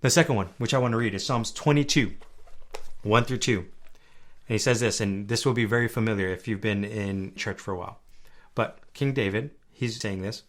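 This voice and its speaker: Earnest man hosting a faith podcast. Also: brisk. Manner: earnest, conversational, often asks "right?"; swings from soft and low to loud and high when stirred. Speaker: podcast host. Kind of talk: faith-based personal podcast talk.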